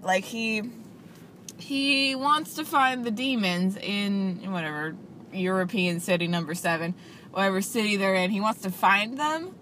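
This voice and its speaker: A woman's voice: medium pitch, unhurried, a bit bright. A woman talking casually in a rambling vlog, full of fillers and restarts, recorded inside a car. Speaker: vlogger reviewing a movie and her own writing. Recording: car and road noise behind. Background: traffic and vehicle noise.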